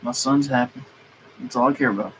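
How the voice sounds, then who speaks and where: A man's voice: medium pitch, a little fast, a little hiss or hum, poor audio. A man streaming a comedic rant, griping heatedly and swearing freely as he goes. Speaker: streamer and mechanic. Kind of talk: comedic ranting monologue.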